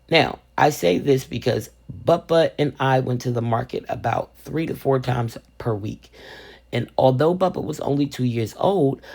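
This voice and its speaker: An older woman hosts a resin crafting vlog, telling a story in a sassy, playful way, calling viewers baby and sugar and referring to herself as Mama. Her bass voice is husky and a little mellow, with vocal fry.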